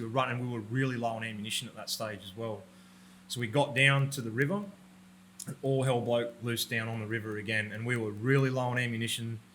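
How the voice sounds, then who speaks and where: Bright-voiced Australian man telling blunt war stories. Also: mid-range voice, a little hiss or hum. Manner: profane, blunt, laughs through his own stories. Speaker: podcast guest, army veteran. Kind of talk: conversational war storytelling. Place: room with a roller door.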